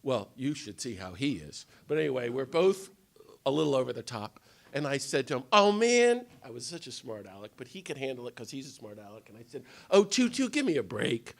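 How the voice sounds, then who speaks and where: A man giving an animated storytelling talk to a gathering, fast and excitable, with a theatrical delivery. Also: mid-range voice, creaky. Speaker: speaker at a nonviolence day. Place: indoor gathering room.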